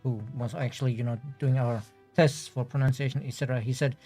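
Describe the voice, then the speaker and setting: A man's voice: medium pitch, fairly even intonation, fast talker, warm tone, faint music behind. A man co-hosting a livestream, telling an anecdote with hesitant repeats and fillers. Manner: hesitant, repeats words, storytelling.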